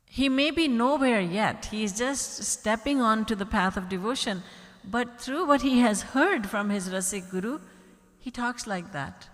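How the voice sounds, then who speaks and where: A woman's voice: a little high, a little slow, a bit bright. A woman spiritual teacher giving an earnest devotional discourse, full of rhetorical questions. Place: large retreat hall. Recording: long reverb from a large hall.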